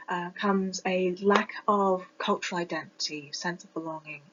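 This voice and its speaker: A woman's voice: on the low side, fairly bright tone, slight background noise. Reflective British woman, lo-fi recording. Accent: British received pronunciation. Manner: reflective, thoughtful, with many ums and restarts. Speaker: student presenter. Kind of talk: personal presentation. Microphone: close mic that sometimes distorts. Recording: dull lo-fi home recording.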